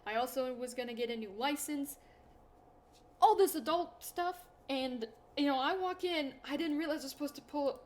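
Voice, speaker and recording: A young adult YouTuber chats casually to her viewers on camera, rambling through self-deprecating stories with lots of fillers and restarts. Her voice sits high and moves fairly quickly, with slight background noise.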